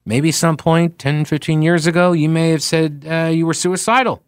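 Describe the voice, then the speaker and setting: Talk radio host, man, sarcastic and animated, fairly high voice, dry studio sound. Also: normal speed, few pauses, dry recording. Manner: animated, sarcastic, mocking asides. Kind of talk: opinionated talk radio commentary. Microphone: studio mic.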